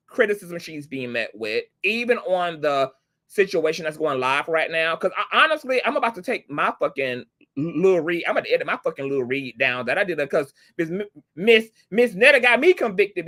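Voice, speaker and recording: A man hosting a gossip commentary show, sassy, profane and animated as he reacts to a clip. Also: a little high. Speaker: commentary channel host.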